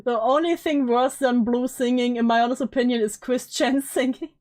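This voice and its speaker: A woman with a slightly high voice chats loosely on a stream. She jokes crudely and keeps breaking into laughter as she reacts along with a co-host. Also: fairly even intonation, normal speed, a little mellow. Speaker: VTuber streamer. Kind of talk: casual stream chat.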